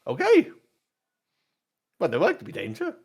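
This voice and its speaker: A man's voice: sits high, wildly swooping pitch, unhurried, creaky, darkish tone, breathy edge, pitched above the performer's own voice, full character voice. A man voicing a small, eager robot droid that talks in stiff, formal phrases to its new master. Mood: earnest. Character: eager little male robot droid, servile and earnest.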